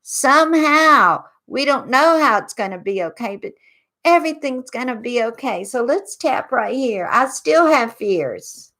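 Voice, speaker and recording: Slow, soothing woman leading a meditation. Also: high-pitched, animated, bright, forceful tone. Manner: slow, soothing guided instructions. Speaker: psychic advice host. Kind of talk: guided tapping meditation.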